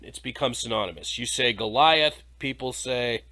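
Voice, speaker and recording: A male podcast host retelling an old story in an irreverent, jokey way. He swears casually and riffs loosely, with an average pitch. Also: normal speed, pushed and bright. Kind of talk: casual discussion.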